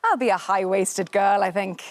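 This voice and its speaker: A woman's voice: mid-range voice, normal speed. Chatty actress woman, easy laughs. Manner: chatty, laughs often, lots of fillers. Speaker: actress guest. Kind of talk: casual chat.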